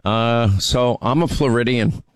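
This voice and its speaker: A man from New York hosting a talk radio show, speaking in a brisk, conversational way with frequent fillers and restarts. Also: mid-range voice, clean tone, no echo.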